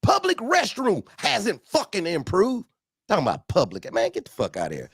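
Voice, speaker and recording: A man's voice: sits high, wildly swooping pitch, normal speed, husky, no echo. A man ranting angrily on a talk show, swearing constantly and repeating himself as he gets heated. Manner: angry, swearing, repetitive outbursts. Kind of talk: heated profane rant.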